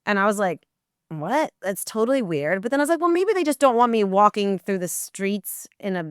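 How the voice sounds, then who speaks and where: Woman, guest storyteller; animated, acts out the dialogue, smooth resonant voice, dry close sound. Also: medium pitch, fast talker, dry recording. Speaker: guest, burlesque performer. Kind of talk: casual storytelling in a podcast interview.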